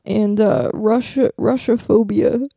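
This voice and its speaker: A woman's voice: mid-range voice, steady tone, takes it slowly, gravelly, dark tone, no echo, clean studio sound. A woman cohosting a comedy podcast in loose, jokey chat, laughing easily and swearing casually. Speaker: podcast co-host.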